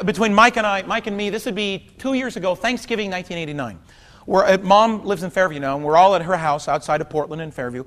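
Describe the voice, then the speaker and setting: A man in his thirties doing stand-up comedy on a theater stage, talking wryly and conversationally, then breaking into loud outbursts. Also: high voice, a little hiss or hum. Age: 30s. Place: theater stage before a large audience. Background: audience laughter.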